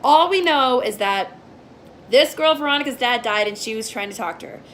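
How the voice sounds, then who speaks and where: Sarcastic young woman ranting, high and bright. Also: animated, moderate pace, slight background noise. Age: young adult. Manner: sarcastic, profane, mocks characters in shrill voices. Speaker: movie reviewer. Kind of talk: ranting comedic movie review.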